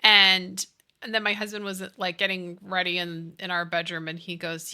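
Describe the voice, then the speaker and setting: A woman's voice: fairly low pitch, little pitch movement, normal speed, sharp tone, clean tone. A woman in her thirties, a streamer chatting casually with her viewers while she builds in a game. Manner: chatty, upbeat, reads and answers chat.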